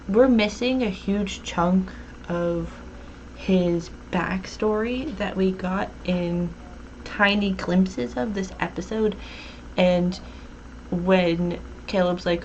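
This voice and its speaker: A woman hosting a casual TV review chat, thoughtful, with frequent ums and quick agreeing murmurs. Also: mid-range voice, lo-fi sound, slight background noise. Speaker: podcast host.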